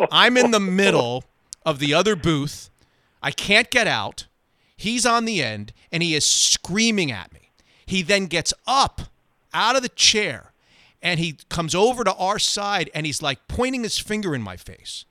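Male sports talk host, animated storyteller, slightly high and crisp. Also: dry recording, clean studio sound. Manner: animated, quick anecdote telling. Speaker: radio host.

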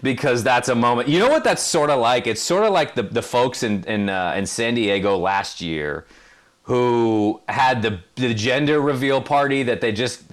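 Mid-pitched man, rambling playful co-host. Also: expressive, normal speed. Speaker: podcast co-host. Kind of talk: casual sports chat.

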